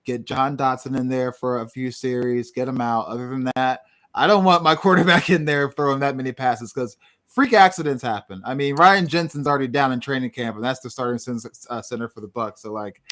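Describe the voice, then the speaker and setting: Male fan panelist, mid-pitched, confident opinionated takes. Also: brisk, a bit bright. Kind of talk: casual sports chat.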